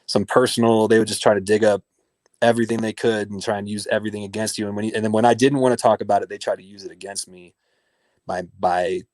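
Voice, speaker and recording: A man, a guest DJ, telling a blunt, animated story in casual interview talk, acting out what others said. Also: fairly low pitch, quick pace, dry recording. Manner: animated, blunt, acts out dialogue.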